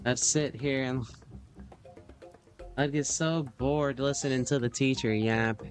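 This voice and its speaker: A man's voice: medium pitch, fairly even intonation, takes it slowly, soft background music. A man hosting a livestream, rambling casually as he draws, full of fillers and sound effects. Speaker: livestream host drawing on stream. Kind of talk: casual storytelling while drawing.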